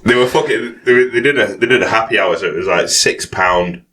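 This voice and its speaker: A man's voice: lowish voice, a little fast, pushed and bright. A man co-hosting a podcast, telling drinking stories in casual chat, swearing freely and laughing often. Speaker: podcast co-host.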